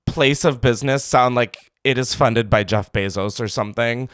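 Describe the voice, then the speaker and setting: A man's voice: medium pitch, moderate pace, a bit bright, slight background noise. A man hosting a call-in podcast, reacting to a caller with wry, joking comments in casual chat. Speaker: podcast host.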